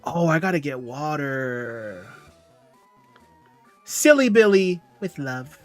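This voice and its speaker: Tired young man, casual stream chat, rambling, slightly high voice, faint background music. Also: sing-song, slow pace, dry recording. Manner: rambling, chatty, easygoing. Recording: music playing faintly behind.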